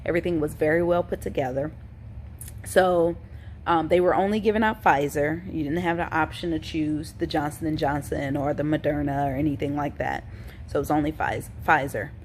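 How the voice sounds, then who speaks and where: A woman's voice: low-pitched, steady tone, a little fast, a little hiss or hum. A tired woman, chatting casually to her viewers with lots of ums and sighs while she recovers from a sore throat. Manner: chatty, informal, addresses viewers as y'all, frequent ums and sighs. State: tired, yawning. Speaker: vlogger. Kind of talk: casual chat to camera.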